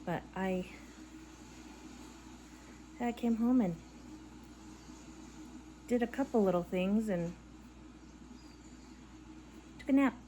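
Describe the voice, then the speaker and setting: A middle-aged woman chats while she crochets in her living room at home. She rambles, sounds tired and lets out soft laughs, in a voice of middling pitch. Faint background audio plays under her. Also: slow pace, long pauses, a little hiss or hum. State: tired and yawning. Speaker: crochet vlogger. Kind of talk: casual chat while crocheting. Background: faint background audio playing.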